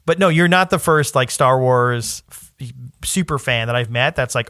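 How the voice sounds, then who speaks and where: A man co-hosting a podcast in casual chat, rambling through stumbles and restarts, laughing often and dropping into quick put-on voices. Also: mid-range voice, fairly bright tone, dry recording, studio quality. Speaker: podcast co-host.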